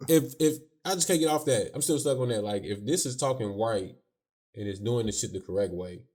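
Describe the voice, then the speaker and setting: A man co-hosting a podcast in casual chat. He talks emphatically, swears freely, keeps asking "you know what I'm saying" and gets loud and high when he is worked up. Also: a little fast. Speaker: podcast co-host.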